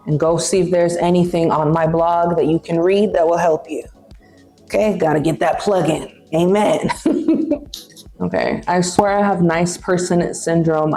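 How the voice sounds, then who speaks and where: A woman's voice: fairly low pitch, dark tone. A young woman in her twenties giving blunt, playful big-sister advice in a casual vlog, reading out viewer questions.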